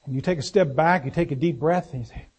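A man's voice: on the high side, fast, darkish tone, breathy edge. A man preaching a sermon in a folksy, conversational way, putting questions to his congregation.

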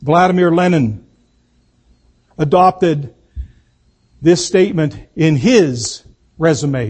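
A man giving a political speech, slow and emphatic, repeating key words for effect. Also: fairly high pitch, expressive, a little mellow, breathy edge. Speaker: political speaker.

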